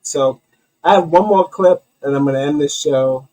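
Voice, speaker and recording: A man's voice: a little high, moderate pace, dark tone, rough recording. A man hosting his own comedy commentary show, ranting with heavy swearing and rambling restarts. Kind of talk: profane comedic rant.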